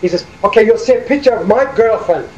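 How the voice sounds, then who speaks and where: Elderly high-voiced New man storytelling. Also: quick pace, echoey room, muffled recording. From Hackensack, New Jersey. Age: older. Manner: animated, acts out quoted dialogue. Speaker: war veteran interviewee. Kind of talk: oral history storytelling.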